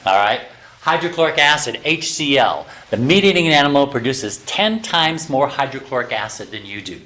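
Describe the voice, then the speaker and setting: Animated man lecturing a class. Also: mid-range voice, moderate pace. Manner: animated, teasing, full of rhetorical questions to the audience. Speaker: health lecturer. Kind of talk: lively classroom health lecture. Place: talking to a live class of students.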